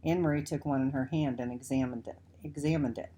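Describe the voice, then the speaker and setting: A woman reading a children's novel aloud, measured and expressive. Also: extremely low pitch, slight background noise. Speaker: audiobook reader. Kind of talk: storybook read-aloud narration.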